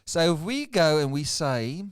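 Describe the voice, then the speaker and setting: A man's voice: on the high side, very animated, a little slow, clean tone, dry recording, studio quality. A man with a South African accent co-hosting a casual livestream chat, rambling with stammered restarts. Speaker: co-host. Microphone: video call.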